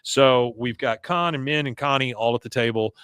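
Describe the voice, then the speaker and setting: A man's voice: mid-range voice, normal speed, fairly bright tone, clear, resonant tone, no echo, clean studio sound. A man hosting a podcast, casually recapping a cartoon episode, acting out quoted lines in put-on voices and laughing often. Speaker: podcast host.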